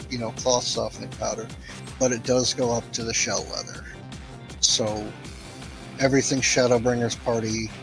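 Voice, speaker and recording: A man's voice: mid-range voice, vocal fry, rough recording. Joking man explaining game details. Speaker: co-streamer friend. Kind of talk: casual gaming chat.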